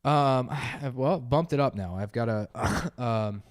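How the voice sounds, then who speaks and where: A man co-hosting a comedy podcast in loose, casual banter. He swears a lot and delivers sarcastic jokes deadpan. His pitch sits at an ordinary middle level. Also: takes it slowly. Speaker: podcast co-host.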